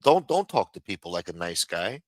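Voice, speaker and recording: A man's voice: low-pitched, big pitch swings, normal speed, no echo. A man ranting casually on a livestream, swearing constantly and getting heated as he mocks people. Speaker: livestream commentator. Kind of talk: casual profane rant.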